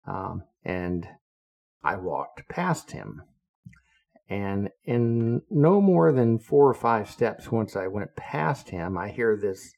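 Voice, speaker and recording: An older man with a low, gravelly voice recounts his navy days as a casual anecdote. He talks bluntly and swears freely, with a rough fry running through his speech. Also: darkish tone. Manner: blunt, profane storytelling. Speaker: retired naval officer.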